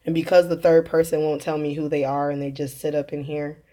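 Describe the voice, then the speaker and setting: A woman talks to her channel's viewers in a loose, rambling testimony. She laughs often and fills her pauses with ums. Her voice sits slightly low for a woman. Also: level tone, dark tone. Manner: rambling, earnest, laughs often, many fillers. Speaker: religious video host. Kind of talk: casual spoken testimony to camera.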